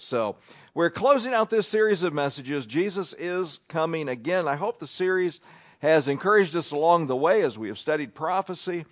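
A male pastor preaching a sermon in a conversational, sardonic way. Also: a little high.

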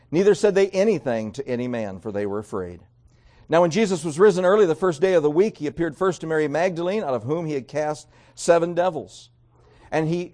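A man preaching a sermon, reading King James scripture and swinging between raised emphasis and quiet, low endings. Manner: reads scripture aloud in King James wording. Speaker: pastor.

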